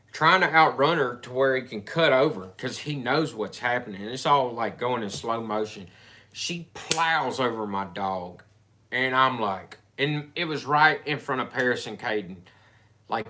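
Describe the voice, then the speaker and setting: A man with a bright, forward voice tells a story in a casual conversation. He rambles and restarts often, circling back on his words as he goes. His pitch sits in an ordinary middle range. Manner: rambling, halting, with many restarts. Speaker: storyteller in a couple's chat.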